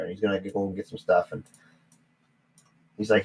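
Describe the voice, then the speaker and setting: A man's voice: low voice, steady tone, fairly quick, pauses often, a little mellow, low-quality recording. A man running a tabletop game as game master, narrating casually with fillers.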